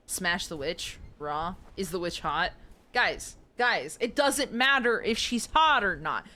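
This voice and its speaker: A woman's voice: mid-range voice, expressive, slow, sharp tone. A young woman streaming a horror game, chatting playfully and joking with her viewers. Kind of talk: casual live game commentary.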